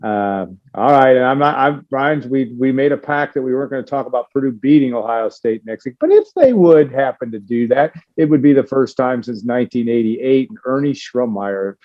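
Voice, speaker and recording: A man's voice: medium pitch, expressive, moderate pace, few pauses, highs cut off. A man hosting a sports talk show, wrapping up the discussion and handing the floor to the other panelists. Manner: wraps up the discussion and hands off to others. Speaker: show host.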